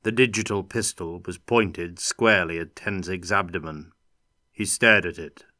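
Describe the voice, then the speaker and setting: A man narrating an audiobook with steady, unhurried dramatic storytelling. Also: sits low, no room sound, clean studio sound. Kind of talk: scripted narration.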